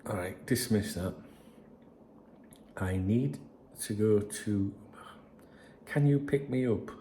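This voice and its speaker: A man's voice: lowish voice, takes it slowly, warm tone, slight background noise. A man hosting a football channel, reading out messages and chatting to viewers in a sweary, rambling way. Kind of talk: casual solo commentary reading messages.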